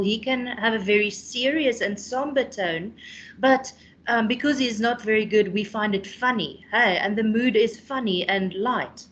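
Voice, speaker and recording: A woman's voice: on the high side, fairly bright tone, dull audio. A South African woman teaching a class online, explaining a poem and often ending with "hey?".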